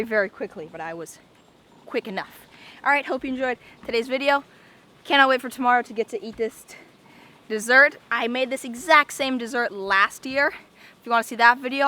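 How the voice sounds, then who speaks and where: A woman's voice: a little high, pushed and bright. A young woman making a casual daily vlog, chatty and rambling, often repeating herself and saying "like". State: out of breath. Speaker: vlogger.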